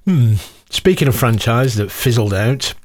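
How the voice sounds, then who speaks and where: A man's voice: mid-range voice, lively intonation, a little slow, no room sound, studio quality. A male radio DJ linking songs on a music show, sharing trivia in a chatty way with offhand asides.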